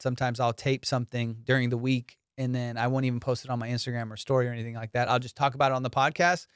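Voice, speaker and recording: A man hosting his comedy podcast in casual chat, telling profane, animated stories and laughing often. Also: medium pitch, smooth, no room sound, clean studio sound.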